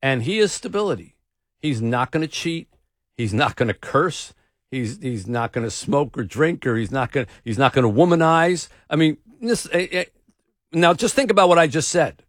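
A man hosting a radio talk show, telling stories in a casual, animated way and mimicking the people he quotes. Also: on the high side, moderate pace, no room sound, clean studio sound. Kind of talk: casual chat.

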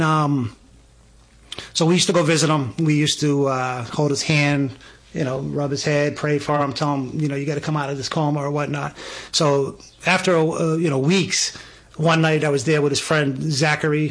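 A man's voice: on the high side, creaky, slightly rough. A man, telling a faith story as a guest and eagerly acting out what people said. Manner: excited, animated storyteller acting out dialogue. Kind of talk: testimony storytelling.

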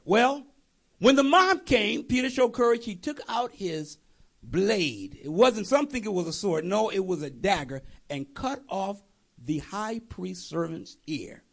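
A male pastor delivers a sermon to a congregation as an animated story, voicing the characters and chuckling as he goes. His voice is high and gravelly, with a breathy huskiness. His pitch rises and falls dramatically. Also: measured pace.

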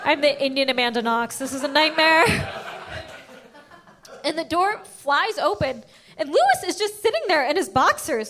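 A woman's voice: sits high, sing-song, moderate pace, a bit bright. A young adult woman performing a stand-up comedy routine, telling a story and acting out the quotes.

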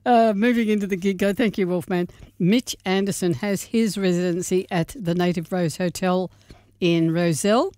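A woman's voice: on the low side, fairly even intonation, normal speed, dry recording. Woman, radio co-host, chatty, rambling, dry studio sound. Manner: chatty and warm, rambling a little. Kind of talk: casual radio chat and gig guide.

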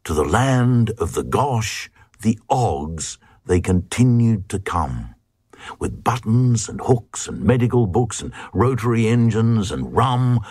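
A man reading a comic rhyming poem aloud in a lively sing-song recitation. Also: fairly low pitch, slow, slightly rough, no echo, clean studio sound. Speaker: narrator.

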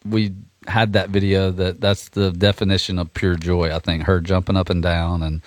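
Low-voiced man chatting as a radio guest. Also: normal speed, no room sound. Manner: relaxed and rambling, with many restarts and fillers. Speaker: guest musician. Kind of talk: casual radio interview.

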